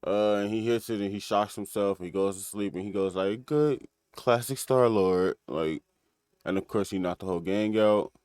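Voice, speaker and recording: A man's voice: on the low side, fairly even intonation, brisk, darkish tone, smooth, no echo, clean studio sound. A man casually recapping an episode on a stream, rambling with fillers, restarts and laughter.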